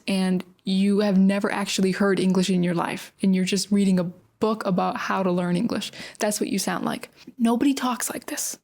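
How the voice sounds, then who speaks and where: A woman's voice: medium pitch, a little mellow. Chatty American woman teaching English. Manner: chatty and emphatic, many fillers like "like" and "honestly". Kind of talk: casual podcast lesson.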